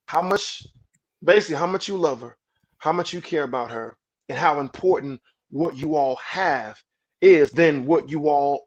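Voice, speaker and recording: Preachy man giving relationship advice. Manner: preachy, repeats words as he builds up; drops low and soft for quoted calming lines. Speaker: guest relationship speaker. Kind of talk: podcast conversation.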